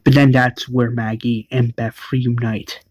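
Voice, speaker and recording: A man casually retelling an episode, rambling with lots of "like" and quick self-corrections. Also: medium pitch, level tone, muffled recording, background noise. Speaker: show recap narrator.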